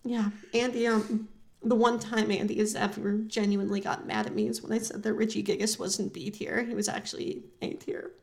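A woman co-hosting a comedy podcast, talking in a dry, rambling, deadpan way. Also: medium pitch, brisk, creaky. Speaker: podcast co-host.

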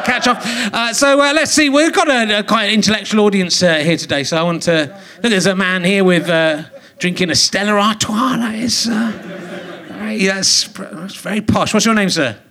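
A man's voice: high-pitched, moderate pace, sharp tone. An English man hosting a live comedy podcast on a theatre stage, teasing and joking with audience members. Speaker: podcast host.

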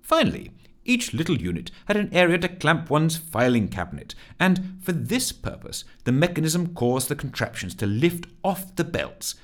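A man narrating a comic story as an audiobook, with expressive storytelling. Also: on the high side, moderate pace.

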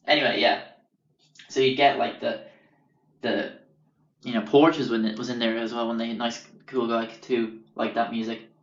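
A man's voice: medium pitch, flat delivery, normal speed, pauses often, echoey room, muffled recording. A young man telling a casual, profane anecdote, rambling and often losing track of names. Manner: rambling, swears constantly, loses track of names. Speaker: storyteller.

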